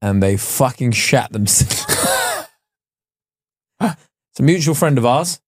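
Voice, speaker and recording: A man's voice: medium pitch, big pitch swings, takes it slowly, husky, dry recording. A young man, co-hosting a podcast in a laid-back storytelling manner. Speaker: podcast co-host. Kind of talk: casual chat.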